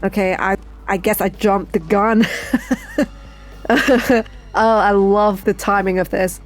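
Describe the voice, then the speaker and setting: A woman giving casual let's-play commentary, thinking aloud in an unhurried, chatty way. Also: medium pitch, fairly even intonation, faint music behind. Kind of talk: casual game playthrough commentary.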